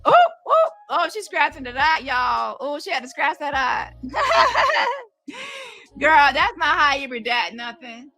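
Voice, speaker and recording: Woman, confrontational commentary, profane, high voice. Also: normal speed, few pauses, sharp tone, soft background music. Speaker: commentary host. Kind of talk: heated commentary rant.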